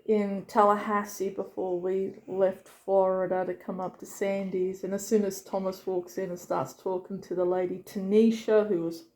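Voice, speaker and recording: An Australian woman telling travel stories in casual chat, animated and quick to act out what people said. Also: mid-range voice, reverberant. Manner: animated storyteller, acts out quotes. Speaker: travelling vlogger. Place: friends' home.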